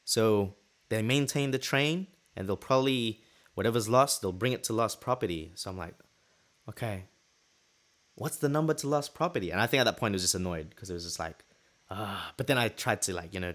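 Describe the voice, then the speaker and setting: A man hosting a podcast, telling a personal story in a casual, lively way and acting out what people said. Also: on the low side, a little fast. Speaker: podcast host.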